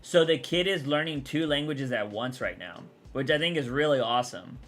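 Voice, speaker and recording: A man's voice: mid-range voice, animated, normal speed, fairly bright tone, faint music behind. Young man rambling on a livestream. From Texas. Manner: rambling, chatty, answers chat aloud. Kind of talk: casual livestream chat.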